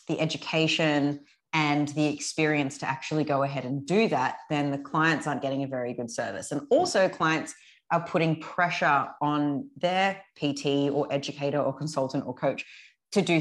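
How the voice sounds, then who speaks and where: Woman, 30s, low voice, blunt and laughing, leads the podcast chat. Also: normal speed. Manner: frank, laughing, swears freely. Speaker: podcast co-host, fitness coach. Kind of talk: casual chat.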